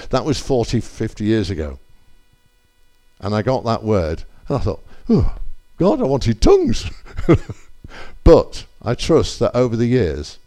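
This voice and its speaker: An older man shares testimony at a church gathering. His voice is lively and rises and falls a lot as he rambles through anecdotes. He often stops to correct himself. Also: lowish voice.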